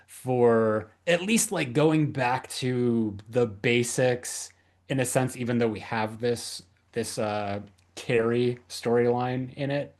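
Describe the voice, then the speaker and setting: Halting male podcast host. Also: medium pitch, darkish tone. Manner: halting, many fillers and restarts. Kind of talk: casual film discussion.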